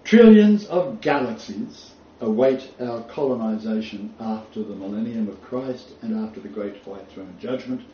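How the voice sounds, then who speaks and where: A man's voice: on the low side, animated, normal speed, few pauses. A man preaching a sermon, quoting scripture emphatically and rising on key phrases. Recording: roomy, distant, dull, faint noise.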